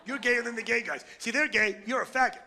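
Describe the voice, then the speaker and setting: Fast, gravelly, brash comedian man. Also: extremely high pitch, very noisy. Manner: brash, crude, crowd work. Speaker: stand-up comedian. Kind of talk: stand-up comedy routine. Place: comedy club stage. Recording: long hall reverb.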